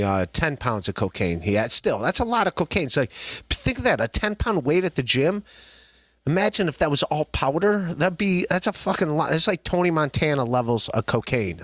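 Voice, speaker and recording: A man's voice: fairly high pitch, a bit bright, no room sound. A man hosting a podcast livestream, rambling through casual commentary with jokes, restarts and laughter. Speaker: podcast host.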